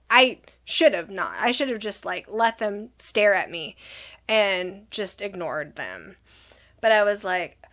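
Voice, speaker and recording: A middle-aged woman telling a personal story in a casual storytime vlog, animated and acting out both sides of an argument. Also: medium pitch. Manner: animated, acts out both sides of the argument in quick reported dialogue.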